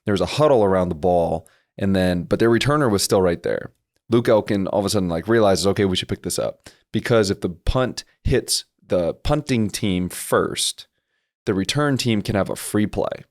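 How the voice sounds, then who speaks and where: A man's voice: sits low, normal speed. A young man co-hosting a casual sports podcast, patiently explaining football plays and rules. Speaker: podcast co-host.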